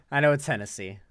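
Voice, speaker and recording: A woman's voice: extremely low pitch, no room sound, clean studio sound. A woman hosting a casual livestream, joking, rambling and swearing freely as she talks to her chat. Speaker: streamer host.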